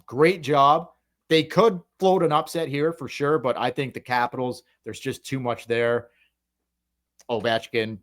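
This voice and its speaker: A man co-hosting a hockey podcast, making playoff predictions in casual, animated chat. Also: medium pitch. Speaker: podcast co-host.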